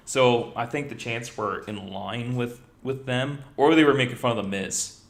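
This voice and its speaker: A man co-hosting a podcast, recapping wrestling in casual chat, chatty and quick to laugh. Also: medium pitch, fairly bright tone. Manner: chatty, laughs often, breaks into quoted voices. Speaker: podcast co-host. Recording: echoey room.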